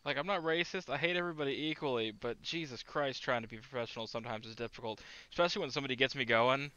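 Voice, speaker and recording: A man's voice: medium pitch, racing, pushed and bright, smooth, no room sound, muffled recording. A man joking crudely and teasing friends in casual gaming voice chat. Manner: joking, profane, laughs often. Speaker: gamer on voice chat.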